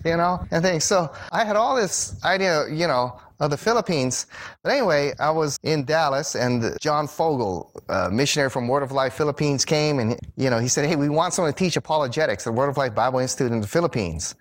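A middle-aged man telling a personal story in a sermon, animated and acting out the voices of the people he quotes. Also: a little fast. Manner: animated storyteller who acts out quoted voices with big pitch jumps. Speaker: Bible teacher and speaker.

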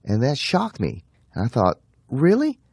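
Earnest man teaching scripture, low voice. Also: lively intonation, darkish tone, dry recording, studio quality. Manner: earnest, emphatic, slows down to stress key phrases. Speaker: Christian apologist teacher. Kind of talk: apologetics teaching talk.

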